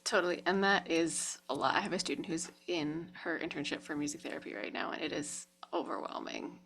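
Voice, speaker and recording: A woman's voice: low voice, fairly quick, a bit bright. Encouraging woman music mentor. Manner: encouraging, upbeat. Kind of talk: casual supportive coaching chat.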